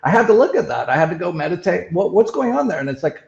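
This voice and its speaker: A middle-aged Canadian man with a fairly high voice talks in a loose, rambling way, doubling back and restarting often. His audio is roomy and muffled, like a remote call picked up in an echoey room. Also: big pitch swings, quick pace, creaky, a little mellow. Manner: rambling, many restarts and fillers. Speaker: show host. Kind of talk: casual conversational interview.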